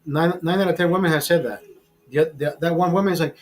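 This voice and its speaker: High-voiced profane man rambling. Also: quick pace, low-quality recording. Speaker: show host. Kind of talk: casual chat over drinks.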